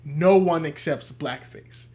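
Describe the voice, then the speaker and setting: A man's voice: a little high, takes it slowly. A young man co-hosting a podcast in casual, swearing chat among friends. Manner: laughing, swearing, animated. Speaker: podcast co-host.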